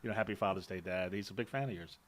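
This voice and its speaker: A man's voice: low-pitched, racing. A man hosting a talk show who jokes and teases his guests in a rambling, casual way. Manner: joking, rambling and teasing.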